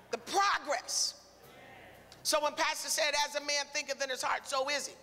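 A male preacher delivering a call-and-response sermon, exhorting the congregation and building to shouts. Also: very high voice, slight background noise. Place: church sanctuary. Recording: reverberant church hall, faint crowd.

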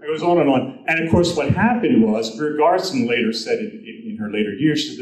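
Storytelling male presenter, lively quotes, roomy hall sound, audience recording. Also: medium pitch, fairly quick. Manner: animated storyteller, acts out quotes. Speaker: guest speaker. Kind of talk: convention presentation, anecdotal storytelling. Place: convention hall. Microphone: handheld recorder in audience.

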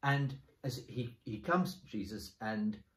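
Male bishop, conversational teaching voice, mid pitch, restarts often, recorded in an echoey room. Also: expressive, takes it slowly, a bit bright. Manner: thoughtful, explains step by step with frequent restarts. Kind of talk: conversational bible discussion. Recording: roomy echo.

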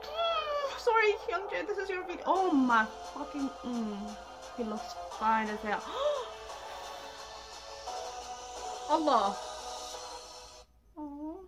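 A woman's voice: high voice, lively intonation, a little slow, long pauses. A young woman reacting to music video trailers, gushing and swearing, with sudden shrieks between muttered asides. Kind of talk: excited reaction commentary.

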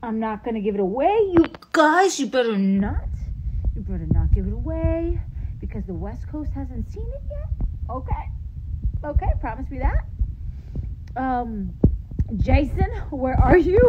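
A woman in her thirties chatting casually on a livestream, excitable and emotional, laughing often. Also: sits high, a little slow, lo-fi sound, heavy background noise. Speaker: livestream host. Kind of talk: casual live chat.

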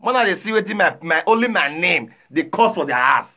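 A man with a Nigerian accent, chatting live and reading viewer comments aloud, animated, often shouting and repeating himself. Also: high-pitched, a little fast, highs cut off. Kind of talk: casual live-stream chat.

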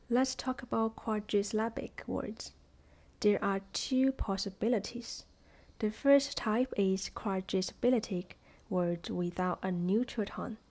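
Slow, careful woman teaching pronunciation. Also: medium pitch, mellow. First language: Mandarin Chinese. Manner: slow, careful, model-reading example words. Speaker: Mandarin teacher. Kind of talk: scripted pronunciation lesson.

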